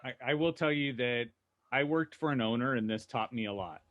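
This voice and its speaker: A man on a video call panel, telling lively stories about running a car dealership and acting out the voices he quotes. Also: medium pitch, fairly quick, dull audio. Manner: animated storyteller, acts out quoted voices. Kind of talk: casual panel discussion.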